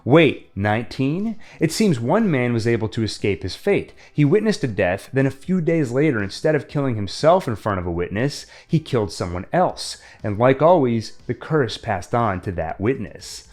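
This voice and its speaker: Guy doing a scripted horror movie recap, dry sarcastic asides, pitch bouncing all over. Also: sing-song, normal speed, hardly any pauses, darkish tone. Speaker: horror film reviewer. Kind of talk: scripted film recap narration.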